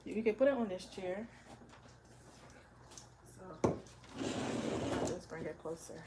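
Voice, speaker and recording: A woman's voice: lowish voice, takes it slowly, very noisy. A young woman from Liberia, chatting casually as she hosts a live cooking stream at home and answers viewer comments while she cooks. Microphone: phone.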